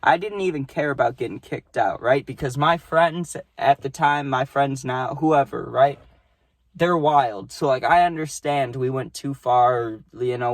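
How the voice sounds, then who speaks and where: A man's voice: medium pitch, dry recording. Profane rambling young man telling a story. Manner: profane, rambling, peppered with "right?". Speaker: storytime vlogger. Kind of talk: casual storytelling.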